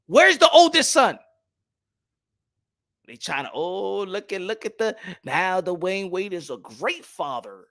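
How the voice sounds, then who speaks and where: A young man hosting a boxing talk show and ranting loudly, repeating himself, with sudden swings from shouting to low muttering. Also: animated, measured pace, few pauses. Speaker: boxing commentary host. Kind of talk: animated opinion rant.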